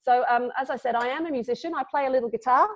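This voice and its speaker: A woman's voice: sits high, rapid-fire. A woman from Scotland giving a playful, casual online talk as a clown presenter, full of dad jokes. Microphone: video call. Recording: lo-fi video call audio.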